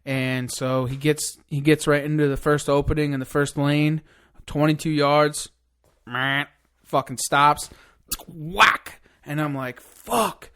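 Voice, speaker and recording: A man telling a long hunting story in casual podcast chat, excited and cursing freely. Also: fairly high pitch, a little slow, clear, resonant tone. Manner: excited, swears a lot, rambling hunting story. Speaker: podcast guest.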